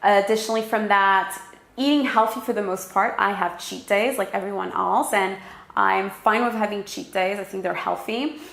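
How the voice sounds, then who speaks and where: A woman's voice: mid-range voice, steady tone, creaky, fairly bright tone, reverberant. A woman with a French accent, chatting candidly to camera in a casual vlog. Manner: chatty and candid, quick asides. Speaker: vlogger.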